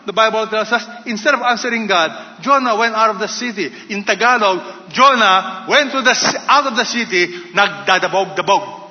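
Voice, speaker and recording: A man preaching a sermon in short, emphatic phrases, rising loud and falling quiet. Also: high voice, moderate pace, hardly any pauses. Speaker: pastor. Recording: dull sound with long hall reverb.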